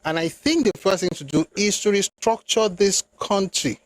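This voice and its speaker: This high-pitched man speaks at normal speed with no room sound, delivering an opinionated political monologue as a commentator. Emphatic and rhetorical, he slips into phrases, builds to indignant outbursts, and moves between English and Yoruba.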